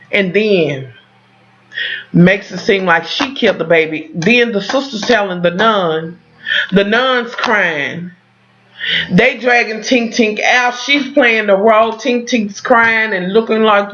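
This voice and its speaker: Loud, profane woman vlogger recapping TV. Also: mid-range voice, dull audio. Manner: profane, dramatic, talks straight to viewers. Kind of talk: animated casual recap.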